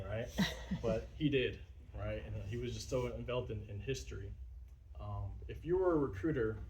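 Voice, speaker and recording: A man who was a military recruiter giving a casual eulogy at a visitation, halting and full of fillers. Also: medium pitch, darkish tone, a little hiss or hum, poor audio. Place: funeral visitation room.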